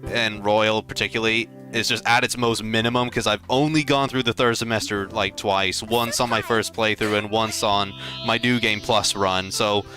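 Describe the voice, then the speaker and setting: A man joining a let's play as guest, chatting in a relaxed, amused way about the game. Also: lowish voice, moderate pace, few pauses. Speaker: guest co-commentator. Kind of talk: casual gameplay commentary. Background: game music.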